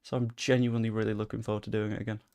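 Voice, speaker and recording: A young man chatting casually while commentating his game, swearing and bursting out in excitement. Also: lowish voice, rapid-fire. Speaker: gaming streamer.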